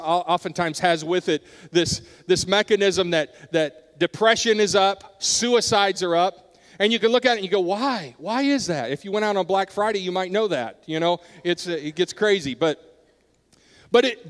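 A middle-aged man preaching a sermon in a church, earnest, turning softer and quieter during personal stories. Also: high voice. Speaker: pastor. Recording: long hall reverb.

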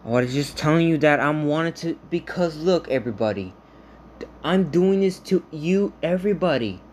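A man talking casually to his viewers in a halting, rambling way, full of restarts, earnestly reassuring them. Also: a little high, lively intonation, a little mellow, a little hiss or hum. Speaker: vlogger. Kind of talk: casual talk to camera.

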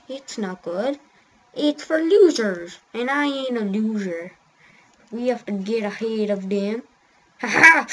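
A woman gamer talking through a kart race in a fairly high voice. She drawls her words slowly, rambles, and yelps at the game when things go wrong. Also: a little hiss or hum. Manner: excitable, rambling, shouts at the game. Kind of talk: gameplay commentary.

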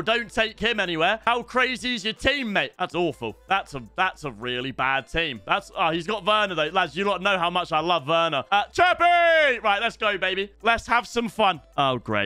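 Young British male streamer, excitable banter; bright, crisp voice. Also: high-pitched, no room sound. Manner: excitable banter, bursts of shouting at goals. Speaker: gaming streamer. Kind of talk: live gaming commentary.

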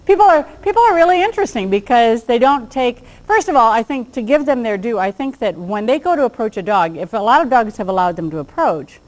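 A woman gives a relaxed lecture to a class on handling dogs. She keeps it chatty and acts out little exchanges as she goes. Now and then she laughs at her own jokes. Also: a little high, brisk, few pauses, low-quality recording. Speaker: dog behavior trainer.

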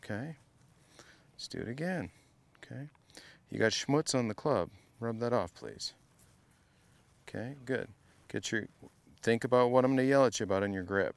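A man's voice: mid-range voice, expressive, normal speed, creaky, pauses often. A man coaching a student through a golf lesson, playful and teasing, repeating short drill cues over and over. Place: golf academy practice area.

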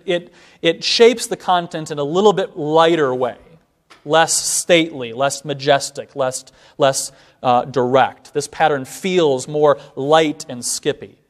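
A man giving a seminary classroom lecture, explaining step by step and slowing down to recite lines of verse. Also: a little high.

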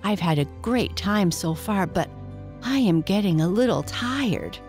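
A woman voicing a small, polite male guinea pig in a bedtime storybook, speaking politely and brightly. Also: mid-range voice, lively intonation, a little slow, faint music behind, lightly acted.

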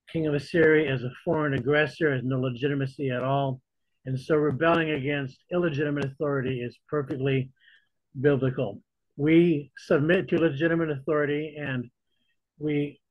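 Guy teaching bible study, kinda high voice, dry muffled lo-fi recording. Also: dry recording. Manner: conversational, repeats words when restarting.

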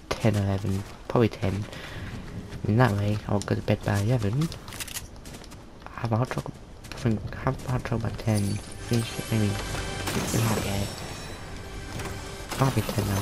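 A man's voice: fairly low pitch, background noise. A man giving loose, rambling gaming commentary for his channel, full of slang and restarts. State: tired. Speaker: gaming video creator.

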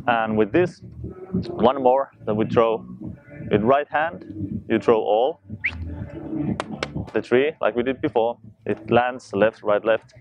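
A man walks through a juggling tutorial in a casual, fast-talking way, explaining as he goes. His voice sits at an ordinary middle pitch. A faint hiss of noise runs under the recording. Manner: talks fast while demonstrating, loose and chatty. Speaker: juggling instructor.

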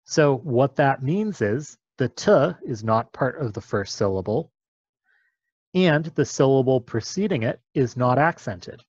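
A man's voice: mid-range voice, very animated, measured pace, a little mellow, no room sound, muffled recording. Man giving a patient linguistics lecture. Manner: patient, methodical explaining. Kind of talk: explanatory lecture.

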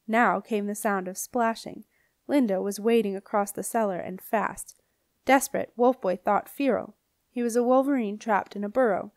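A woman's voice: medium pitch, steady tone, normal speed, dry recording. Woman reading a storybook, dry close voice. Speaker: audiobook reader. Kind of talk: scripted narration.

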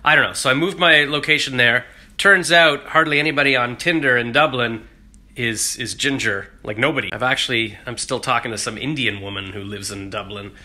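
A man's voice: mid-range voice, fairly quick, sharp tone. A man rambling through a jokey, self-deprecating casual vlog. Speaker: vlogger.

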